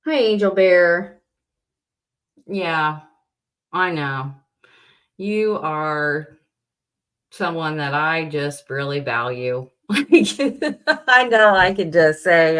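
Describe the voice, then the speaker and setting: A woman's voice: low-pitched, takes it slowly, long pauses, fairly bright tone. A young adult woman hosting a casual livestream, rambling and exasperated, with many restarts and fillers, greeting viewers from the chat. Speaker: livestream host.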